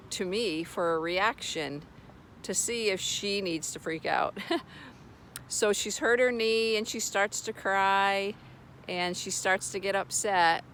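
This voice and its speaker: A woman's voice: fairly low pitch, a bit bright, slight background noise. A woman talking casually to camera, sharing brain retraining advice in an earnest, reassuring way with storytelling asides.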